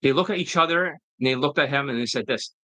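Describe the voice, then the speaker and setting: A man's voice: mid-range voice, fast, pushed and bright, no echo, poor audio. A man who works as a dating coach, giving a profane, combative and mocking monologue in a casual style.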